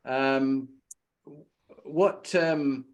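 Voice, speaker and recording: A middle-aged man from the United Kingdom hosts an interview podcast, his voice sitting in an ordinary middle pitch. He winds his way through supportive questions, restarting and filling pauses as he goes. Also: muffled recording. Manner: rambling, supportive questions with many fillers and restarts. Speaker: podcast host. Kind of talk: interview conversation.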